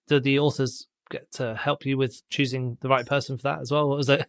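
A podcast host asking relaxed follow-up questions in an interview and answering mostly with short agreements. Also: medium pitch, brisk, no room sound, studio quality. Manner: brief backchannel replies, relaxed questions. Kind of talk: casual interview talk.

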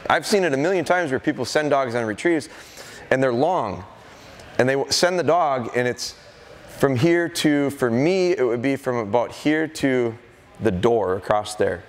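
A middle-aged dog trainer with a medium-pitched, animated voice runs a live seminar at normal speed in an event hall at a deer festival. He shares anecdotes and acts out what dogs and their owners say, and the large hall gives the sound a long reverb.

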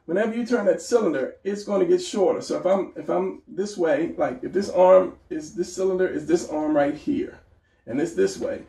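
A man's voice: high voice, gravelly, dark tone. A man giving a casual drawing lesson, rambling and talking to himself as he sketches. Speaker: drawing instructor. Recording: echoey room, voice from a distance.

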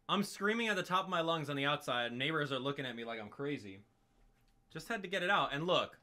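A man giving live commentary on a game stream, excitable and exclaiming as he rants in frustration. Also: fairly high pitch, a little fast.

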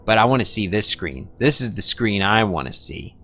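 A young gaming streamer rambles through gameplay commentary, cracking jokes, drifting onto tangents, and switching to a squeaky baby voice for his pets. His intonation is lively, his tone sharp, and he talks at normal speed.

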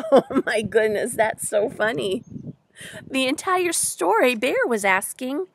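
A woman teacher reading a picture book aloud to young children, animated and full of questions, addressing them directly. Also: on the high side, slow pace, no room sound. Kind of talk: children's story time read-aloud.

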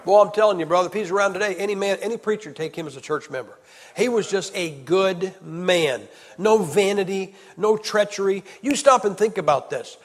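A man preaching a sermon with emphatic rhetorical questions, swinging from loud declarations to hushed storytelling. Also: high voice, fairly quick. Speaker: evangelist preacher. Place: large church hall. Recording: long hall reverb.

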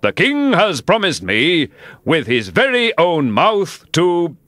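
A man's voice: fairly high pitch, wildly swooping pitch, a bit bright, no room sound, studio quality, pitched above the performer's own voice, exaggerated voice. A man reading a storybook aloud and putting on a pompous, touchy egg-man who talks grandly. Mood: indignant. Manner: pompous, grand, quick to take offence.

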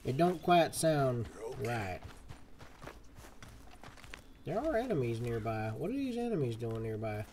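A man streaming a western game live, chatting casually and swapping swear words for softer ones. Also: mid-range voice, big pitch swings, measured pace, pauses often, background noise. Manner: chatty, swaps swears for "fudge". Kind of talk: live gameplay commentary. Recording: game music behind the voice.

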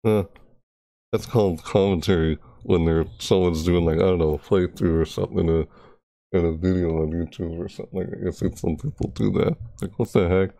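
Low and creaky yet mellow, this young man's voice holds a steady tone at normal speed as he rambles and repeats himself on a casual live stream. A close desk mic picks him up with no room sound.

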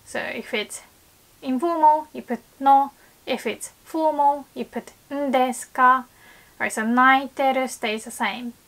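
Slow, patient woman teaching Japanese. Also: sits high, fairly even intonation, a bit bright. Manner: explains patiently, repeats example phrases slowly; switches between English explanation and Japanese examples. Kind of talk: video language lesson.

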